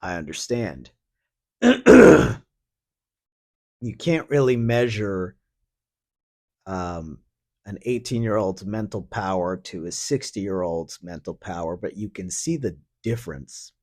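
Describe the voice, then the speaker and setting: A man's voice: low-pitched, very animated, slow, long pauses, a little mellow. A man hosting a podcast alone, talking through a story in a casual, profane, sardonic ramble full of fillers. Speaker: podcast host. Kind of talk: casual solo commentary.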